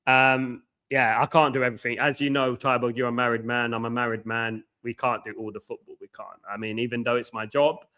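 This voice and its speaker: A married man from hosting a football watchalong, talking fast and passionately, with lots of repetition and shout-outs to chat. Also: medium pitch. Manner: excitable, buzzing, repeats phrases, reads chat aloud. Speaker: watchalong host. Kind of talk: casual live-stream chat. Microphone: headphones with mic.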